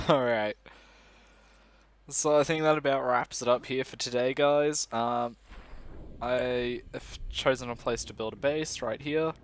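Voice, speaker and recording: A young man casually commentates a survival game for his gaming video, rambling, self-mocking, and speaking to his audience. The recording is clean, and his mid-range voice is slow with fairly even intonation.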